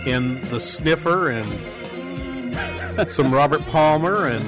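A man's voice: fairly high pitch, wildly swooping pitch, slow, music in the background. A man hosting a radio show, chatting casually and rambling a bit. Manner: rambling, chuckling. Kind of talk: casual chat.

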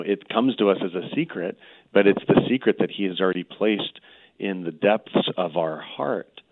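A priest with a very low voice talks earnestly and gently, often pausing on "you know" as he teaches. He comes through a narrow, phone-like line with no room around him. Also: no room sound. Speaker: priest guest. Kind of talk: spiritual teaching on call-in radio.

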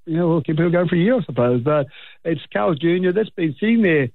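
A man's voice: a little high, quick pace, no room sound. A man with an Australian accent, a mayor chatting casually on a radio show by phone, joking and poking fun at himself. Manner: jokey, chatty, self-mocking. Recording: tinny phone line.

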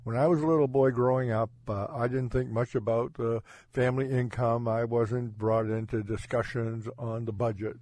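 Earnest, halting pastor, man. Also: mid-range voice, flat delivery, a little mellow, no room sound. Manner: halting, self-correcting, earnest. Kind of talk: personal testimony in conversation.

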